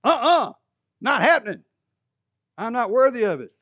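A preacher putting on a brash, high-pitched disciple. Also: male voice, sing-song, normal speed, a bit bright, dull audio, exaggerated voice. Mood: protesting. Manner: brash, emphatic, casual slang. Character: impulsive protesting adult male disciple.

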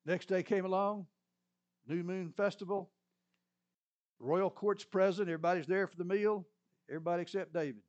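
High-voiced folksy male preacher. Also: fairly even intonation, normal speed, long pauses, dull audio. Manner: folksy and conversational, often clears his throat. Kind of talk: sermon, retelling scripture as a story.

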